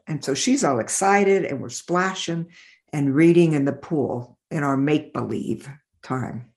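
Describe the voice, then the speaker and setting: A middle-aged woman in a podcast interview, telling stories in an animated way and acting out the voices of the people in them. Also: low-pitched, unhurried. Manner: animated, acts out voices in her anecdotes. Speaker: developmental optometrist.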